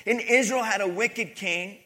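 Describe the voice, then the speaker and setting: A man's voice: sits high, measured pace, bright, forceful tone. A male pastor delivering a sermon, reading scripture and explaining it emphatically, with call-outs to the congregation. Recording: long hall reverb.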